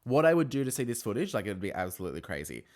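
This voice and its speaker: A man's voice: fairly low pitch, rapid-fire. A man hosting a podcast, recapping a reality show in casual chat, swearing, laughing and acting out the cast's quotes. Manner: chatty, animated, swears and laughs often, acts out quotes.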